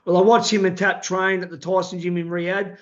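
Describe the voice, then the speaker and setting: High-voiced Australian man, muffled lo-fi sound. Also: flat delivery, a little fast. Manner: affirms often with yeah and wow, chatty. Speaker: interview host, former boxer. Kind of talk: casual interview chat.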